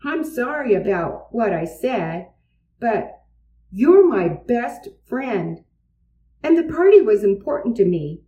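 Storybook little girl, earnest and pleading, a woman reading her, lively, distant mic. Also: fairly high pitch, slow pace, reverberant, highs cut off. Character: young girl, spoiled but caring.

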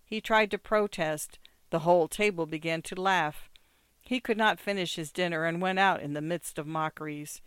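A storyteller reading literary short stories at an even, measured pace. The voice is smooth and clear, and the recording is close and dry with no room sound. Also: mid-range voice, dry recording. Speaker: narrator. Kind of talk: scripted narration of short stories.

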